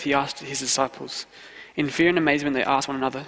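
A student pastor preaching a sermon in an earnest way, repeating key phrases for emphasis. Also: male voice, medium pitch, level tone, fast talker, hardly any pauses, a bit bright. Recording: long hall reverb.

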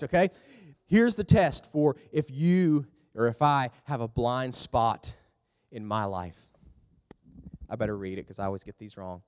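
Guy preaching to teens, jumps up loud when he acts out the story, long echo off a big hall. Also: measured pace, clean tone. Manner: animated, acts out characters with big pitch jumps. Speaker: youth pastor. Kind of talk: youth sermon.

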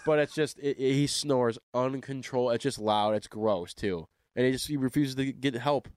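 A man's voice: medium pitch, moderate pace, darkish tone, smooth, no echo, clean studio sound. A man co-hosting a casual chat show, telling rambling, joking stories. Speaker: podcast co-host.

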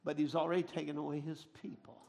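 A middle-aged man preaching a sermon, telling stories dramatically and swinging from a hush to a shout. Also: on the high side, little pitch movement, fast, gravelly. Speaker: pastor.

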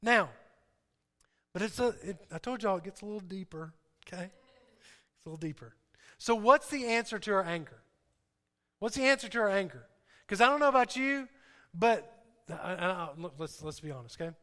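A man's voice: high voice, animated, normal speed, long pauses, pushed and bright. A man preaching a sermon, emphatic, asking his listeners questions and repeating key points. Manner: emphatic, asks the audience questions. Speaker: pastor. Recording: reverberant hall.

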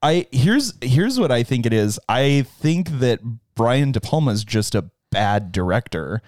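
A man's voice: mid-range voice, big pitch swings, unhurried, darkish tone, no room sound, clean studio sound. A man co-hosting a casual movie podcast, chatty and laughing often. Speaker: podcast co-host.

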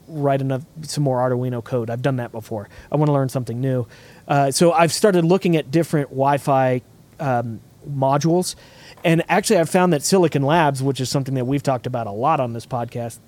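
A man's voice: mid-range voice, brisk, a little mellow. A man hosting a podcast, chatting casually about a project he is designing, thinking aloud with frequent restarts. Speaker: podcast host. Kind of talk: casual technical chat.

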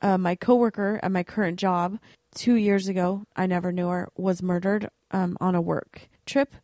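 A woman's voice: lowish voice, fairly even intonation, normal speed, dark tone, dry recording, studio quality. A woman co-hosting a podcast, talking in an earnest, rambling, hesitant way in casual chat. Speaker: podcast co-host.

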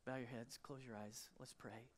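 A pastor giving an emotional sermon, moving between fervent emphasis and hushed, quiet passages. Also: medium pitch, steady tone, moderate pace.

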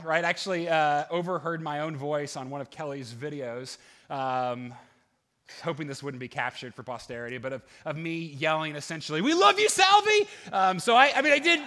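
A middle-aged man preaching as a pastor, earnest, with many restarts and fillers, getting animated as he goes. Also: a little high. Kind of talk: sermon with opening prayer.

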